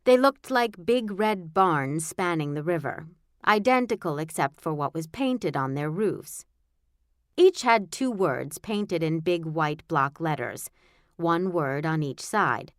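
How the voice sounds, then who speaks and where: A woman narrates a storybook with a wry, lively, rising-and-falling delivery in a fairly low voice. The sound is dry and close, with faint music underneath. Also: slow, dry recording. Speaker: audiobook narrator. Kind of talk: scripted narration.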